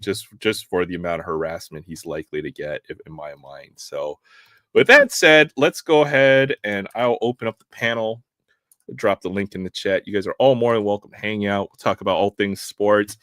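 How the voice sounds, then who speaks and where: A man's voice: on the low side, moderate pace, fairly bright tone, no room sound, clean studio sound. A man hosting a live stream, chatting casually, often laughing. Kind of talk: casual chat.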